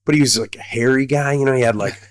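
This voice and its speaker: A man's voice: mid-range voice, fast, no echo. A middle-aged man, a retired army colonel, telling a story casually, rambling with many fillers and restarts.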